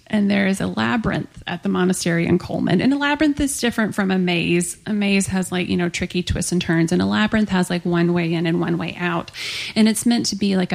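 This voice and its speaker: Chatty woman author with a creaky voice. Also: mid-range voice. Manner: chatty, many likes and ums. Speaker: author being interviewed. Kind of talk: conversational interview. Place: onstage at a live author event.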